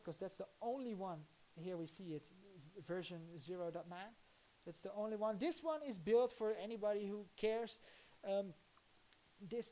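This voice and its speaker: A woman's voice: on the low side, warm tone, a little hiss or hum. A woman with a Dutch accent, thinking aloud as she chats casually on her live stream. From Netherlands. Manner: rambling, thinking aloud, halting restarts. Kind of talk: casual live-stream commentary while working on a computer.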